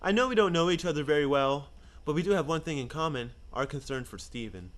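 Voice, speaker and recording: Man reading script lines casually, slightly high, animated delivery. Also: fast. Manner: reads lines plainly, chatty asides. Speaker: script reader. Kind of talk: casual script read-through.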